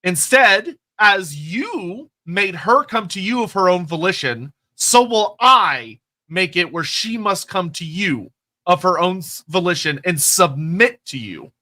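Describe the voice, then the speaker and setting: A man voicing an imperious deity who hands down a slow, stately judgment. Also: sits high, lively intonation, bright, forceful tone, full character voice.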